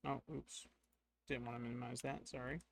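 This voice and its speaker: A man's voice: mid-range voice, flat delivery, moderate pace, gravelly, no echo. Man musing through a solo tabletop game. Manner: musing, thinking aloud. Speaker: solo tabletop player and narrator.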